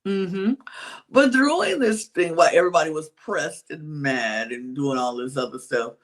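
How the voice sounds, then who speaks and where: This co-host's voice is medium-pitched at normal speed, recapping reality TV casually on a podcast. They tell lively stories and act out the quotes.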